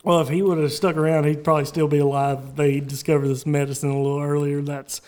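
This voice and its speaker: A man co-hosting a casual podcast, joking and telling animated stories with casual swearing. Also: on the high side, fast talker. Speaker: podcast co-host. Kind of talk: casual chat.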